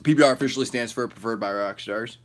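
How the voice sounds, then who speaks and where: A man's voice: mid-range voice, fast talker. A man hosting a casual livestream, reading chat aloud and rambling loosely, often swearing and laughing.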